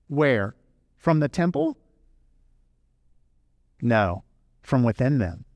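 A man preaching a sermon, animated and emphatic, switching between rushed runs and slow drawn-out phrases. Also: mid-range voice, dry recording, clean studio sound. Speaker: pastor.

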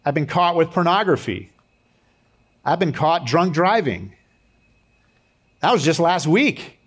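A man's voice: on the high side, big pitch swings, measured pace, husky. A man preaching a sermon in a conversational way, mixing scripture with personal stories and light humor. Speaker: pastor.

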